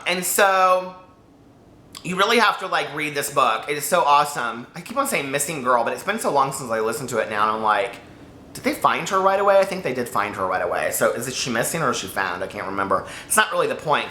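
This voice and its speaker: A man reviewing a book in a rambling, excitable, casual chat, often cutting himself off mid-sentence. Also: on the high side. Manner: rambling, excitable, self-interrupting. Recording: echoey room.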